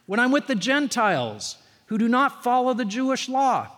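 Man preaching in a church, high voice, chatty and storytelling, punches up the big lines, lots of hall echo. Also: very animated, moderate pace, a bit bright. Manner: conversational storytelling preacher, rising emphasis on key phrases. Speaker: pastor. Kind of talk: sermon.

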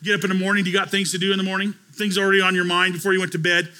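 A man's voice: high voice, completely flat delivery, very fast, pushed and bright. A man preaching a conversational sermon to his church as pastor, telling stories with acted-out dialogue.

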